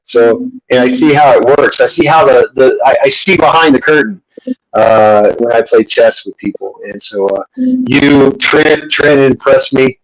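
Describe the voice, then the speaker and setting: A man hosting a casual livestream chat, profane and excitable, jumping into a high voice when quoting himself. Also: measured pace, poor audio. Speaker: livestream host.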